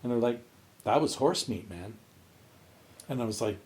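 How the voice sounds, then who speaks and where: A man's voice: mid-range voice, animated, moderate pace. A man co-hosting a podcast from Canada, telling a long story in casual chat, acting out the voices of his friends and swearing freely. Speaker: podcast co-host.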